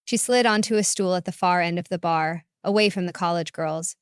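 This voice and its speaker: A woman narrating a first-person story in a calm, reflective way. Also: lowish voice, fairly quick, clear, resonant tone, no room sound, studio quality.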